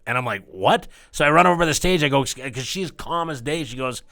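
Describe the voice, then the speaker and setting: A man's voice: medium pitch, lively intonation, brisk, bright, forceful tone. A man working as a strip club DJ, telling rambling, profane stories in casual chat.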